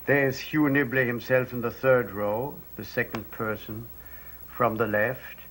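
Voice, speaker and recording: An older man recalling his wartime training in a thoughtful, deliberate way, pausing to choose his words. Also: medium pitch, little pitch movement, fairly bright tone, low-quality recording. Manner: deliberate, thoughtful, pauses with fillers. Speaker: interviewee. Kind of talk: measured recollection.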